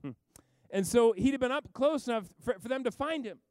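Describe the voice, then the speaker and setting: A man preaching a sermon, telling a story with lively asides and acting out the people in it. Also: very high voice, fairly quick, dry recording. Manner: animated storytelling, acts out characters, rambling asides. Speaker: pastor.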